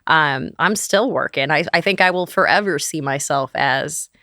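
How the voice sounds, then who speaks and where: A middle-aged woman from St. Louis tells her story with a bright, forceful edge, slipping into the voices of people she quotes. The sound is dry and close, with no room around it. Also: sits low, moderate pace, no echo. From St. Louis, USA. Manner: animated, acts out quoted dialogue. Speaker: guest. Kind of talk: casual interview storytelling.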